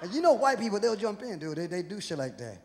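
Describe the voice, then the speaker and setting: A man's voice: high-pitched, fast talker. A male stand-up comedian from Houston, Texas, talking profanely and acting out voices on stage. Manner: profane, animated, acts out voices. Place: live comedy venue with audience. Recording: echoey hall with crowd noise.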